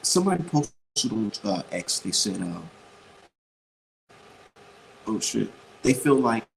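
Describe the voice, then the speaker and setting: A man's voice: fairly low pitch, sing-song, takes it slowly, vocal fry, slight background noise, rough recording. A man giving casual boxing opinions in a blunt, profane, rambling way, repeating his points for emphasis. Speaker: boxing commentator.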